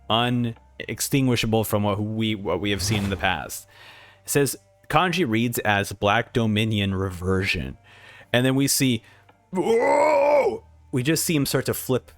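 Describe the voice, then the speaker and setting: A man's voice: mid-range voice, no echo. A man hosting a casual manga reaction, narrating panels and acting out the dialogue. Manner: animated, acts out dialogue. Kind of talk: casual commentary.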